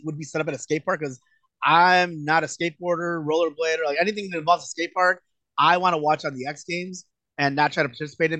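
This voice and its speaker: A man in his late thirties spins stories with a loose, rambling ease, his voice sitting a touch higher than most men's. The sound is dry and close, with no room around it. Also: no room sound. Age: late 30s. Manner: rambling, relaxed, with lots of "like" and "man". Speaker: guest wrestler. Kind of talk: casual storytelling in a podcast interview.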